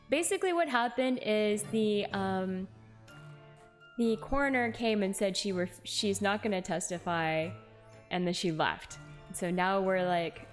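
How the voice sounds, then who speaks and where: A woman's voice: mid-range voice, slow pace, pauses often, faint music behind. A woman streamer chatting casually and giggling while she plays a game, answering her chat.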